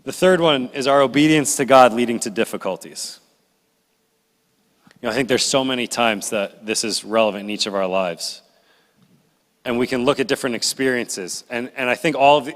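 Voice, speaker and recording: A middle-aged man preaching a sermon, animated and conversational, acting out complaining voices as he tells the story. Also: mid-range voice, fairly quick. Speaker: pastor. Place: church sanctuary. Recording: reverberant church hall.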